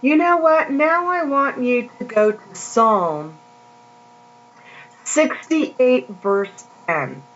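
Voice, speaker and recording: Slow-talking woman preaching a chatty sermon. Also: sits high, animated, a bit bright. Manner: slow, drawn-out scripture reading with chatty asides. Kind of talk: casual sermon. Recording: dull lo-fi recording with mains hum.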